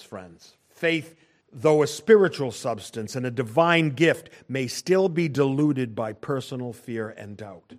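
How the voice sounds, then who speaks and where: A middle-aged man preaching a sermon, swinging from hushed asides to loud emphatic lines. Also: mid-range voice. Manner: dynamic preaching with wide swings in volume, from near-whispers to loud emphasis.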